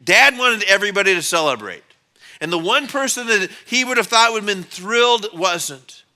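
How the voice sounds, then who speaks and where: Animated male pastor preaching, bright voice. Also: high-pitched, moderate pace. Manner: animated storyteller, acts out quotes in changing voices; conversational, with fillers and restarts. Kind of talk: sermon. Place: church.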